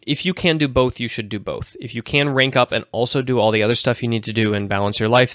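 A man in his thirties hosts a livestream, talking loosely and often correcting himself mid-sentence. His voice sits on the low side, recorded dry and close. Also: fairly bright tone, no echo. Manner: rambling, self-correcting, informal. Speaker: host. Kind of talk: casual livestream chat.

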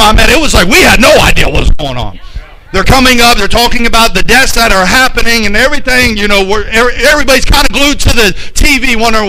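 A middle-aged male pastor preaching a sermon, building to emphatic shouts and drawn-out phrases. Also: extremely high pitch, expressive, slight background noise, rough recording.

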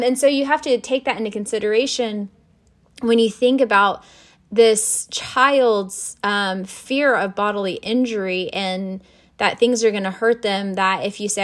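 A woman with a mid-pitched voice gives an informal nursing lecture. She talks in a loose, conversational way, with frequent fillers and restarts. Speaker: nursing instructor.

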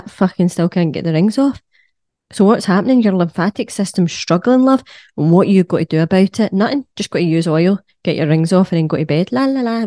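A woman's voice: medium pitch, dark tone, no room sound, clean studio sound. A young woman hosting a casual wellness podcast, sweary and jokey with playful sung asides. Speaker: podcast host, wellness coach. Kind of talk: casual solo podcast talk.

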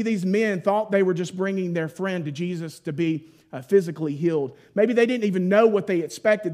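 A man preaches like a storyteller, his voice high and light. Playful voiced asides give way to a hushed, solemn tone whenever the moment turns weighty.

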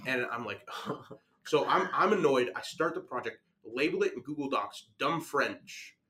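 A young man on a podcast telling a school story in a casual, animated way, laughing as he goes. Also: mid-range voice, measured pace. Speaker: podcast guest.

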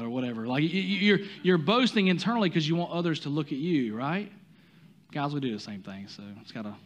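A man with a Southern US accent preaching a sermon, talking to the congregation with many rhetorical questions and some stumbles. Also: on the high side. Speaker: pastor.

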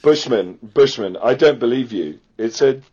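A man bantering on a casual gaming podcast, swearing freely and laughing between lines. His voice is a bit husky and swings widely in pitch. The sound is dull and lo-fi. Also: animated, measured pace, mellow. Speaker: podcast co-host.

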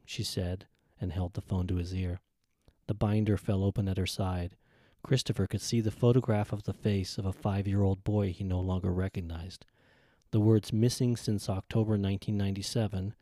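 A man narrates his short story in a calm, measured way, his voice low and mellow. The recording is close and dry, with no room sound behind him. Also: no room sound. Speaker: author reading his own short story. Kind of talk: scripted audiobook narration.

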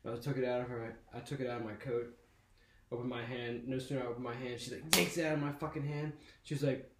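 A man's voice: medium pitch, flat delivery, fast talker. A young man telling a long, profane story on a casual podcast. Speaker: podcast host. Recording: echoey room with faint noise.

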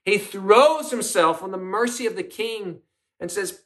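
High-voiced man preaching a sermon. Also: measured pace, fairly bright tone. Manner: storytelling, acts out quoted characters with rising emphasis; conversational, asks the congregation questions. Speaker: pastor.

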